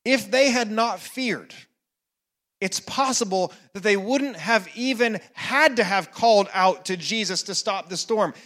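A male pastor with a high voice delivers a sermon at an unhurried pace. He lets key phrases fall to a hush, then builds back up with emphatic questions. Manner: slow, with dramatic hushed repetitions and rising emphasis.

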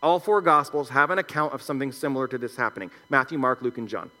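A man's voice: medium pitch, quick pace, bright, forceful tone. A man preaching a sermon, reading scripture aloud and explaining it in a conversational teaching manner. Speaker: pastor.

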